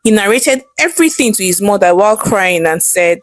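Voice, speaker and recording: A woman's voice: mid-range voice, lively intonation, fairly quick, few pauses, no echo, low-quality recording. Woman telling a folktale. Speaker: storyteller. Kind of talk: folktale narration.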